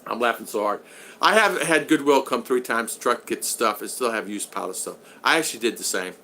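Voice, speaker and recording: A man's voice: medium pitch, fairly quick, pushed and bright, slight background noise. A middle-aged man hosting a casual live stream, chatty, laughing often and thanking viewers over and over. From Florida. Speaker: live stream host reading super chats.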